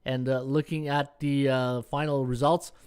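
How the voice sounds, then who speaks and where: A man's voice: medium pitch, level tone, measured pace, darkish tone, clear, resonant tone. A middle-aged man hosting a sports betting podcast, reading odds and picks and chatting with his live viewers, his throat worn from talking. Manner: chatty, reads odds and picks, talks to chat. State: losing his voice, throat sore. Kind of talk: casual sports betting talk.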